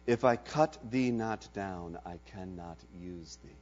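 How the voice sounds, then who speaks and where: A man's voice: sits low, measured pace, a little mellow, voice pushed down. A man playing the grave, loving master of a garden in a spoken parable, speaking in old-fashioned words, on a dull lo-fi recording. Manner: grave and solemn.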